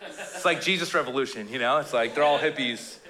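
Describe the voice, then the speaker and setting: A male pastor preaching a casual sermon, telling stories in a jokey, animated way and slipping into playful quoted voices. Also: medium pitch, fast talker. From Canada.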